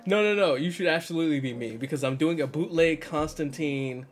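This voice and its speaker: A man's voice: on the high side, a little fast. A man hosting a casual live stream, playful and self-mocking, laughing often. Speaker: streamer host. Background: background music.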